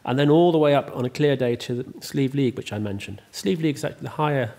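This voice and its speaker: A man's voice: medium pitch, quick pace, creaky, mellow. A man, the host, talking casually in an interview, rambling and chatty with many ums and restarts. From Ireland. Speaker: host and estate owner.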